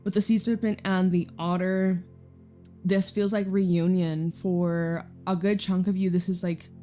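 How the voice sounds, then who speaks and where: A woman's voice: lowish voice, flat delivery, measured pace, mellow, faint music behind. A young Canadian woman giving a casual, chatty tarot reading, stretching out emphatic phrases. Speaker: tarot reader. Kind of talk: intuitive tarot reading to camera.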